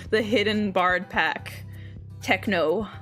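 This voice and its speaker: Soft music plays behind a young woman chatting on a livestream, her mid-range voice fairly bright and very slow. She's talkative and giggly, often laughing between words, and grew up in an English-speaking country with a Korean mother.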